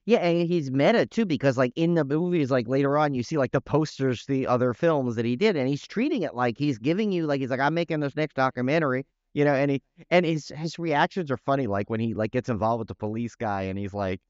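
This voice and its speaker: A man co-hosting a podcast in casual chat, rambling and animated with many restarts. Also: medium pitch, a little fast, few pauses, smooth, no room sound, highs cut off. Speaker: podcast co-host.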